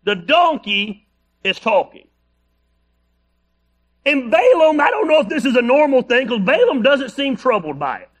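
A man's voice: extremely high pitch, big pitch swings, measured pace, pauses often, a bit bright. A male pastor preaching a sermon, reading scripture aloud with playful, joking asides.

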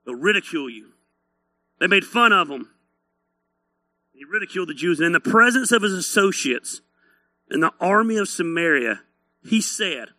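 A male pastor preaching in a blunt, teasing, animated way. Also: fairly high pitch, brisk, no echo. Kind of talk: sermon.

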